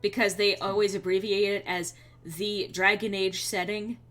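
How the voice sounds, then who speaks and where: A woman streamer talking casually over a video game at her desk microphone. Her voice sits at a medium pitch, and her remarks are chatty and sardonic. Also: level tone, normal speed, fairly bright tone. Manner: chatty and sardonic, laughing often. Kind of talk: casual gameplay commentary.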